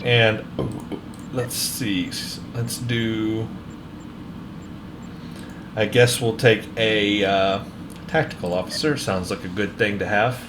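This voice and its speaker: A man's voice: on the low side, steady tone, slow, pauses often, background noise. A man casually commenting on a video game as he plays, reading the game text aloud. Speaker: let's play host.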